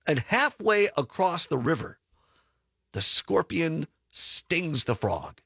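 A man's voice: on the high side, slow pace, gravelly, breathy edge, dry recording. A man, hosting a political talk radio show in a studio, chatty and sarcastic as he tells stories. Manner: chatty, sarcastic, animated storytelling.

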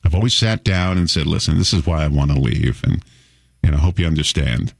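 Low-voiced chatty radio host man. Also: brisk, vocal fry, no echo, studio quality. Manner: chatty, wry, chuckles often. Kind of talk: casual radio talk.

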